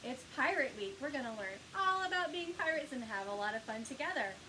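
A woman's voice: sits high, expressive, brisk, noisy background. A woman children's librarian leading a storytime, talking to small children in an exaggerated, cheerful, sing-song way.

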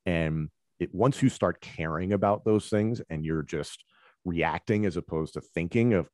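Deep-voiced man, easygoing interview talk. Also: measured pace, dry recording, studio quality. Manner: relaxed, conversational, explains with examples. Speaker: wrestling commentator. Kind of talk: conversational interview answers.

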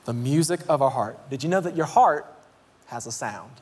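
A man in his thirties preaching in a church, telling a story with deep emotion and shouting out his kids' voices. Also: expressive, moderate pace, breathy edge. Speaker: pastor. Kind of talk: sermon. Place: church sanctuary. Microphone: handheld mic. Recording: long hall reverb in a church.

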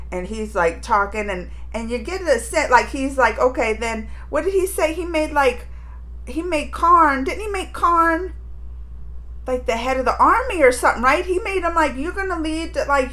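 High-voiced chatty woman vlogger. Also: a bit bright. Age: adult mother. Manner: rambling, emotional, chatty. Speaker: reaction video host. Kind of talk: casual reaction vlog chat.

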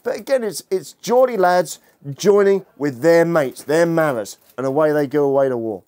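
A man's voice: a little high, animated, moderate pace, a little mellow. A man lecturing as a historian to an audience, humorous and chatty, bantering with the room. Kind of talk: lecture with jokey asides.

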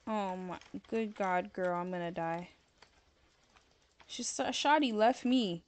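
A woman's voice: mid-range voice, slow. A woman chats casually while she plays a game live on stream. She rambles, fills her sentences with "like", and sounds tired and yawny late at night. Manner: chatty and rambling, many fillers of "like".

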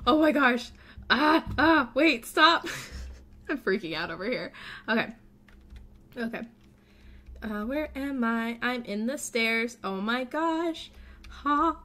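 A woman hosts a casual let's play, thinking aloud in a chatty, rambling way and often gasping and squealing with delight as she comments on the game. Her voice is a little high with a sharp tone.

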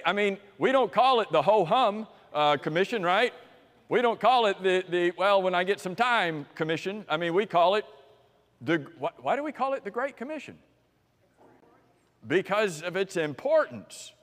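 An American man preaching a sermon in a church, talking conversationally and asking the congregation questions. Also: a little high. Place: church sanctuary. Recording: church live stream with long hall reverb.

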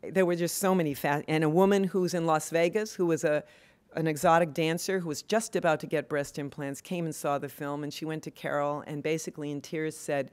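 A woman's voice: deep voice, moderate pace. An older woman speaking earnestly and with passion at an award event, with frequent fillers and restarts. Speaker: award speaker, women's health advocate.

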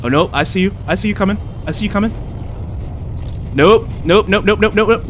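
A man's voice: high-pitched, brisk, long pauses, background noise. A young man giving let's play commentary on a survival game, jumpy and swearing a lot, yelping and panicking whenever creatures come near. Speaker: gamer.

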